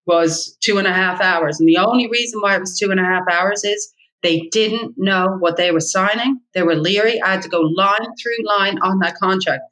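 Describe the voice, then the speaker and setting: A woman's voice: mid-range voice, fairly bright tone, low-quality recording. A middle-aged woman, a real estate agent speaking as an interview guest, blunt and emphatic, hammering her points home by repeating them. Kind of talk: candid interview talk.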